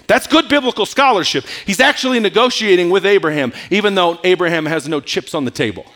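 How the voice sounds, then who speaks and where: A man's voice: high-pitched, big pitch swings, moderate pace, bright, forceful tone. A male pastor preaching a sermon at a church service, joking and drawing responses from the congregation.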